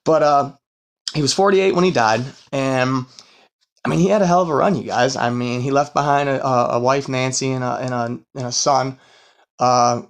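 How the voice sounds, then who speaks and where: A man's voice: medium pitch, moderate pace. Guy hosting a podcast, rambly and sweary, kinda worn out, lots of um and you know. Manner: rambling and profane, full of fillers and laughs. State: tired from a long work week. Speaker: podcast host. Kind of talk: casual true-crime podcast chat.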